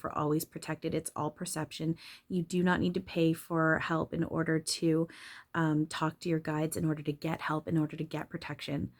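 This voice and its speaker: A woman channeler talking casually and candidly about spirituality, swearing freely and laughing often. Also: low voice.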